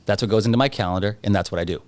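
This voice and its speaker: A man's voice: on the low side, very fast, a little mellow. A man as a podcast guest, talking about his real estate work in a confident, emphatic way, hammering home points with short repeated lines. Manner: emphatic, confident, punchy repetition. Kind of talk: conversational interview.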